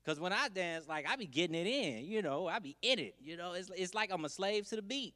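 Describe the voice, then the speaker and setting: A man's voice: medium pitch, fast talker, few pauses, a bit bright, long reverb tail. A man doing a stand-up comedy set, laid-back and conversational with wry asides.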